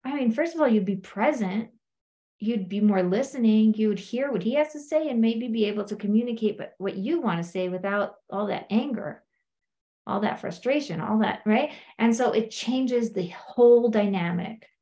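Woman, coach, conversational teaching, keeps saying "right?", slightly high pitch. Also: moderate pace, dark tone. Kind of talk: teaching a self-inquiry method.

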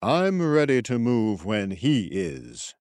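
A man voicing an ancient, loyal male warrior who speaks in a formal, archaic, measured way. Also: mid-range voice, big pitch swings, creaky, a little mellow, dry recording, clean studio sound, full character voice. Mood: wry. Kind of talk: audiobook character voice.

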